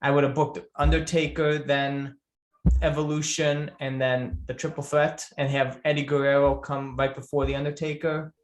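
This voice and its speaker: A man's voice: fairly high pitch, level tone, normal speed. A man as a podcast guest in casual chat, thinking aloud and repeating phrases as he works out his answer. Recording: roomy echo.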